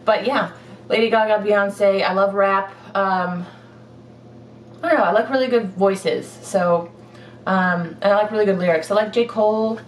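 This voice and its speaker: A woman's voice: medium pitch, normal speed, slight background noise. A young woman answering viewer questions in a casual, rambling chat full of fillers and little laughs. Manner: chatty, rambling, giggly, lots of fillers. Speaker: fitness vlogger. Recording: echoey room, mic at a distance.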